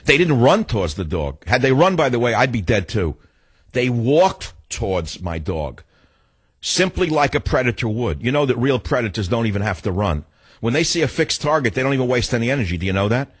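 Husky ranting New man. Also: mid-range voice, sing-song, fairly quick, dry recording. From New York. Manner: blunt, ranting, digressive. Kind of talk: opinionated storytelling monologue.

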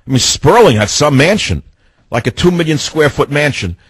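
A man's voice: a little high, very animated, normal speed, breathy edge, no room sound. A man hosting a talk radio show, delivering a rambling, sarcastic and mocking monologue into a studio microphone.

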